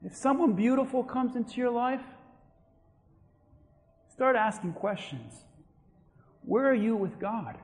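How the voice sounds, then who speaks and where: High-voiced preacher man in a reverberant hall. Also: animated, slow pace, long pauses. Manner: emphatic preaching, swinging between shouts and low asides. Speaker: pastor. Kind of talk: sermon.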